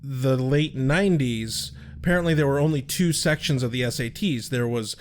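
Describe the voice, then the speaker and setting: A man's voice: mid-range voice, normal speed, a little hiss or hum. A man co-hosting a podcast in casual chat, explaining at length and swearing freely. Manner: profane, chatty, explains at length. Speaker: podcast co-host.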